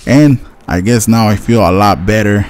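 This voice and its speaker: A man's voice: fairly low pitch, normal speed, darkish tone, slight background noise. A young man rambling to his viewers in a casual, filler-heavy rant about fitting in. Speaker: gaming YouTuber. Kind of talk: unscripted rant to camera.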